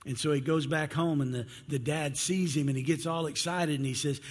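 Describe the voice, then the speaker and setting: Brief: male pastor, casual sermon delivery, slightly husky, long hall reverb. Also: on the high side, fairly even intonation, a little fast. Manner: conversational, acts out biblical figures' complaints.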